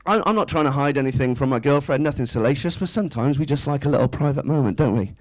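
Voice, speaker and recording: A man's voice: medium pitch, expressive, fast talker, darkish tone, low-quality recording. Guy in his 30s doing stand-up at a small club, chatty, self-mocking, keeps asking the crowd stuff. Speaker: stand-up comedian. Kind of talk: stand-up comedy set. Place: small indoor comedy club stage.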